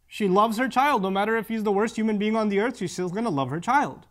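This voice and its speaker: High-voiced man giving a religious talk. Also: fast. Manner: conversational, acts out quoted voices. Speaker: Islamic speaker. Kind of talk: religious lecture.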